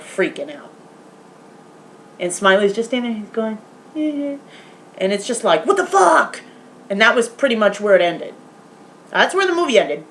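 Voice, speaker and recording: An excitable woman gives a casual vlog review of a movie, acting out the scenes as she goes. She swears freely, and her pitch leaps high when something upsets her. Now and then she breaks off to murmur gently to her pet. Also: a little hiss or hum. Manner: animated, swearing, retelling scenes with quoted voices; softly talks aside to a pet. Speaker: vlogger.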